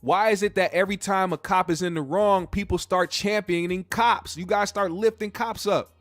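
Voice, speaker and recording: A male podcast host rants in a blunt, heated way, swearing freely as he argues his point. His voice sits high, and the sound is dry and close with faint music underneath. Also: fairly even intonation, moderate pace, no room sound. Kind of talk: casual opinion rant.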